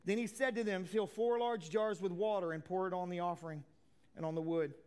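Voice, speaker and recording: A man preaching a sermon as a pastor, swinging from loud declarations to hushed asides, with folksy plain talk. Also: sits high, steady tone, fairly quick, smooth.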